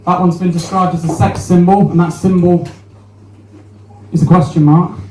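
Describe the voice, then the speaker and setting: A young man works a small crowd in a brash, sweary stand-up set, his voice pitched high. He sounds a little distant from the mic, in a roomy space with faint background noise. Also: level tone, moderate pace, darkish tone. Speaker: stand-up comedian. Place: small venue with a live audience.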